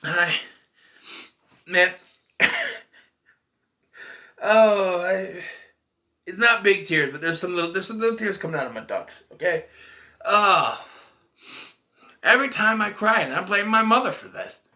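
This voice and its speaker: A man's voice: high-pitched, lively intonation, unhurried, pauses often, pushed and bright. A man casually reviewing a movie in a vlog, retelling scenes in a rambling, emotional way.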